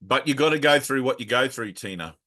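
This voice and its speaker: Blunt, bright-voiced man. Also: medium pitch, lively intonation, a little fast. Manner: blunt and frank, swears freely, rambling with many asides. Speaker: spiritual teacher leading a satsang. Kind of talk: casual spiritual talk.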